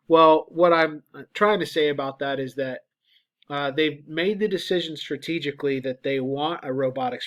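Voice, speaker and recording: A man giving a casual guest lecture to graduate students online, talking through points with fillers and frequent "right?" checks. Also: fairly high pitch. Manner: conversational, explains with many fillers and "right?" checks.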